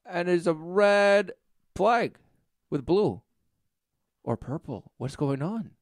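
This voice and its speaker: A man's voice: sits high, animated, slow pace, no echo, studio quality. A man giving sarcastic, rambling commentary, mocking and repeating himself.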